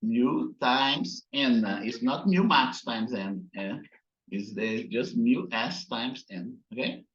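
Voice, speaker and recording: A man teaching a physics class, slowly explaining while working on slides and often checking in with "right?". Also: medium pitch, lively intonation. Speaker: physics instructor. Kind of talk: recorded classroom lecture. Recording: echoey, dull lo-fi room sound.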